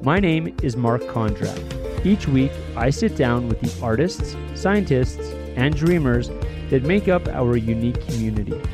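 A man's voice: medium pitch, animated, measured pace, music in the background. A man hosting a podcast, chatting and teasing his guest in a casual interview. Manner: joking, teasing. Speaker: podcast host.

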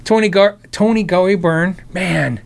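A man's voice: high-pitched, measured pace, creaky. American man with a worn voice. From United States. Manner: rambling, friendly, with many restarts and asides. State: tired, worn voice. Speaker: guitar channel host answering live chat. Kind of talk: casual live-stream chat.

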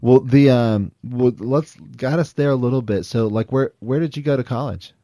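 A man's voice: medium pitch, normal speed, warm tone, no room sound, studio quality. A man hosting a podcast, talking enthusiastically with lots of "uh" fillers and frequent laughs. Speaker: podcast host. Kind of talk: podcast intro and interview.

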